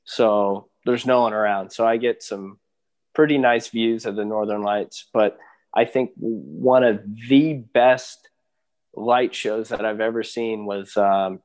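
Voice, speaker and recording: A man from Alaska, a dog musher, chatting as a guest in an easygoing, rambling way with lots of fillers. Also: on the low side. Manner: relaxed, rambling with many fillers. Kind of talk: casual interview chat.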